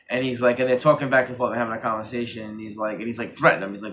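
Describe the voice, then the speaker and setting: A man's voice: medium pitch, fairly even intonation, rapid-fire, few pauses, a bit bright, a little hiss or hum. A man co-hosting a casual horror review chat, rambling and repeating himself as he acts out quotes from the show. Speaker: podcast co-host.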